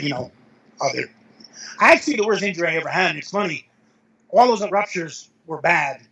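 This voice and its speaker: Husky-voiced middle-aged man telling stories. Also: a little high, bright, forceful tone, low-quality recording. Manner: rambling anecdotes with self-corrections and chuckles. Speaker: interview guest, veteran powerlifter. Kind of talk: casual storytelling interview.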